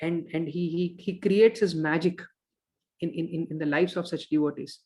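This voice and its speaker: A man's voice: on the high side, normal speed. Man telling a scripture story in a lecture. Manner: animated storyteller acting out characters' lines. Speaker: yoga and scripture teacher. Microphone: online course recording.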